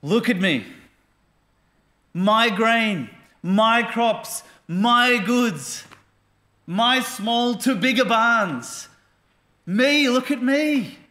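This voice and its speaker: Preacher doing a smug, greedy rich man; bright, high, self-praising. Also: lively intonation, very slow, long pauses, heavily acted. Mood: gloating. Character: boastful greedy rich man gloating over his wealth.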